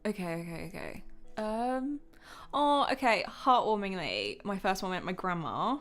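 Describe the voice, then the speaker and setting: Slow-talking giggly woman. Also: medium pitch, very animated, a bit bright, soft background music. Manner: unhurried, giggly, enthusiastic. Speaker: radio co-host. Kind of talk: casual radio chat.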